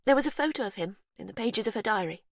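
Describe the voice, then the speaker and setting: A woman's voice: mid-range voice, expressive, fast, vocal fry, dry recording, clean studio sound, pitched above the performer's own voice. A woman voicing a cornered, vengeful woman, bitter and wounded, with a shaky confessional way of talking.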